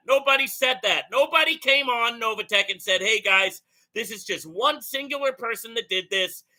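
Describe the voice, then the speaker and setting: A man with a very bright, sharp voice and a high pitch hosts a commentary video. He talks in an animated, emphatic way, pressing his points home and asking his audience "right?" again and again. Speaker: host. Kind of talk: commentary on played clips.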